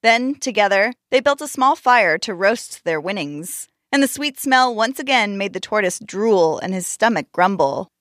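A woman host narrating a storybook tale with expressive, measured delivery. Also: medium pitch, no room sound, studio quality.

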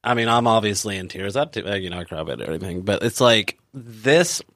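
A man with a somewhat low voice muses aloud, circling back and restarting his thoughts as he works through an idea. The sound is dry and close, with no echo. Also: expressive, fairly quick, fairly bright tone. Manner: reflective, rambling, self-correcting. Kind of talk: casual conversational chat.

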